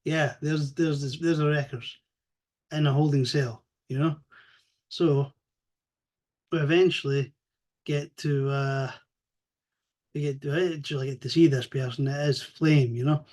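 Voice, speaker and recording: A man with a slightly raised voice talks through a comic storyline in a loose, rambling way. He is animated and swears freely, and he keeps slipping into the characters' lines as he goes. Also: a little high, measured pace, long pauses. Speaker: comics reviewer. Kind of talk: casual comic recap.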